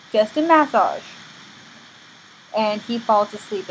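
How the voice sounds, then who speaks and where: A woman's voice: a little high, fairly even intonation, unhurried, a little hiss or hum, poor audio. Playful woman retelling a story. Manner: playful and irreverent, with restarts. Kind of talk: comic casual story retelling.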